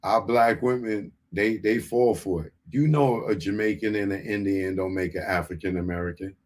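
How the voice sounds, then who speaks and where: A man's voice: lowish voice, moderate pace, darkish tone. A male comedian hosting a live comedy show, talking in an exasperated way and repeating his points. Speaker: comedian host.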